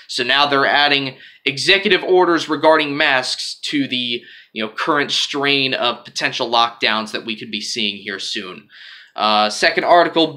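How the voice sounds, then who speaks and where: A man reading news articles aloud and breaking off into lower, quieter asides with his own opinions, with frequent fillers. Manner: reads headlines with rising emphasis, drops to low asides for opinions. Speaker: news commentary host.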